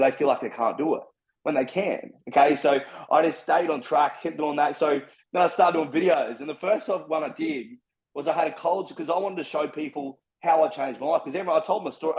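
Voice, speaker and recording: A man's voice: a little high, a little mellow, low-quality recording. A man in casual chat, talking bluntly and swearing heavily in a preachy way. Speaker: podcast guest.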